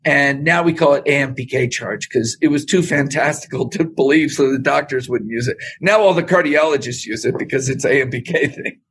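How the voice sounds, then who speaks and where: A man talking as a podcast guest, telling stories in a lively way and acting out what people said. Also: a little high, a little hiss or hum. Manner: animated storyteller, acts out quotes. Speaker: podcast guest, supplement scientist. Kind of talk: casual interview chat.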